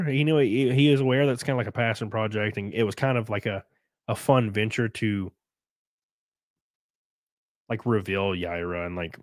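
A man's voice: medium pitch, dry recording. A man hosting a casual livestream while sick, chatting loosely with viewers, swearing and trailing off mid-thought. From United States. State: sick, congested. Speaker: livestream host. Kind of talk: casual livestream chat reading viewer comments.

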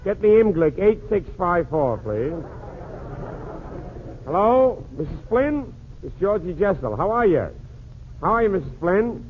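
A man doing a one-sided comic phone call in a 1940s radio comedy monologue, patter quick and full of jokes. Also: sits high, big pitch swings. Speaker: comedian and emcee. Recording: tinny lo-fi 1940s radio transcription with faint hiss.

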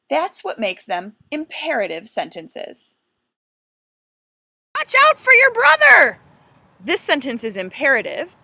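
Female teacher, bright animated delivery, clear and deliberate, lesson voice-over. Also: on the high side. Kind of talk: recorded classroom lesson.

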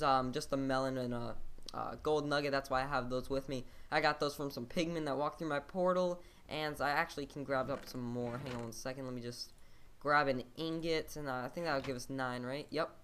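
A man's voice: mid-range voice, normal speed, fairly bright tone. A man hosting a game let's play, talking casually and rambling with lots of fillers and restarts.

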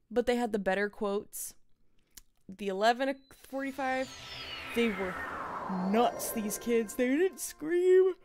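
A woman streams a video game and chats along casually, swearing mildly now and then. Her pitch swings about in a lively way while she talks. Her tone stays loose and conversational, full of fillers. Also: a little hiss or hum. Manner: chatty storytelling with frequent fillers and mild swearing. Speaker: gaming streamer. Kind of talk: casual let's play commentary.

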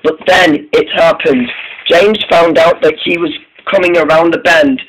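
A man's voice: fairly high pitch, fairly even intonation, a little slow, a bit bright, a little hiss or hum, rough recording. A man telling an improvised story about steam engines, often stumbling and restarting his sentences.

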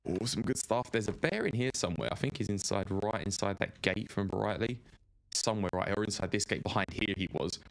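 A man with a low-pitched voice streaming a game live. He rambles along in a loose, chatty way and warmly calls out viewers by name as he plays. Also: quick pace, gravelly. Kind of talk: live gameplay commentary.

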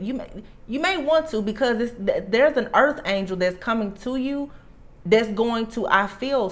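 A woman's voice: on the high side, a bit bright. Emphatic Southern woman giving a tarot reading. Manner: emphatic, repeats warnings, drawls "I'm telling you". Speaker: tarot reader. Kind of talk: channelled tarot reading to camera.

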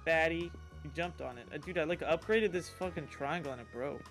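A man's voice: a little high, fairly quick, creaky, music in the background. A young man chatting casually while gaming, teasing his partner with profane banter. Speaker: gamer.

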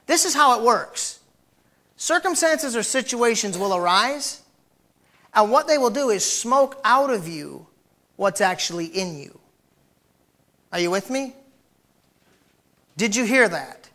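A man preaching a sermon as pastor of a church, with shouted peaks and quiet, joking asides, often putting direct questions to the congregation. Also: sits high.

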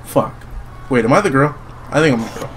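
A young man joking loudly and swearing while playing a video game with a friend, reading the lines in goofy voices. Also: medium pitch, expressive, brisk, a little hiss or hum. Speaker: gamer co-host. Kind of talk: casual let's-play banter.

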